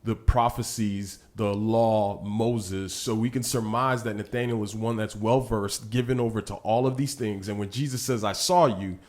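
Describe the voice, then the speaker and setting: A man co-hosting a podcast, casually teaching through a Bible passage and often checking in with "right?", growing animated as he retells the scenes. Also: on the low side, normal speed, few pauses. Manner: gets animated when retelling scripture. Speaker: podcast co-host.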